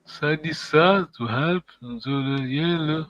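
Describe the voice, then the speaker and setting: Patient male language teacher, slightly high voice. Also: fairly bright tone, no echo, highs cut off. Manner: patient, encouraging, models words slowly. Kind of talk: online language lesson. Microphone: video call.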